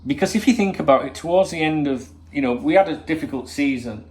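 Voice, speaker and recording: A man's voice: a little high, animated, fast, a little mellow. A man hosting a football channel, talking in a rambling, swear-laden opinion monologue full of rhetorical questions.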